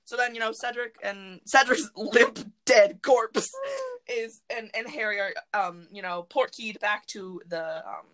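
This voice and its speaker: Bright-voiced woman, rambling and excitable. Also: medium pitch, measured pace, low-quality recording. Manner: rambling, excitable retelling with many fillers. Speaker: podcast host. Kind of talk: casual chat. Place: closet.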